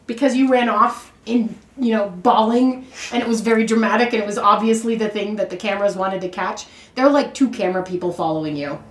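A woman's voice: mid-range voice, a little fast. A woman narrating as game master in a tabletop game, chatty and laughing often. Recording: roomy echo.

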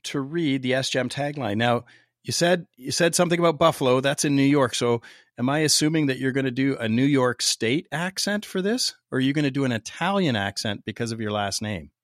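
A man's voice: medium pitch, brisk, dry recording. Guy hosting a podcast, chatty and upbeat, dry close sound. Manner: upbeat, conversational. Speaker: podcast host.

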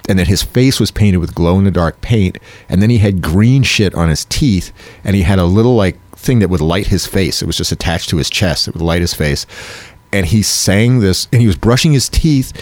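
A man's voice: low voice, moderate pace, no room sound. A man hosting a comedy show, telling stories in a casual chat and acting out the voices of people he quotes. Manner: animated storyteller, acts out quoted voices.

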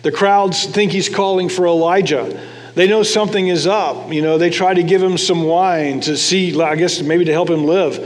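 A man's voice: sits high, fairly even intonation, normal speed, big-room sound. A man preaching a sermon in a conversational way, reading scripture and asking the congregation questions. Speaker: pastor.

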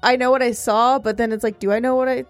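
A woman's voice: on the high side, fairly even intonation, fast talker, faint music behind. A woman in casual podcast chat, talking in rambling, hesitant runs full of "like". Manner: rambling, lots of "like", unsure.

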